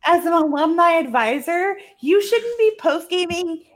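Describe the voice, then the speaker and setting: A woman's voice: very high voice, lively intonation, measured pace. A woman co-host in casual chat, reacting with amusement and encouragement. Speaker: co-host, alumni advisor.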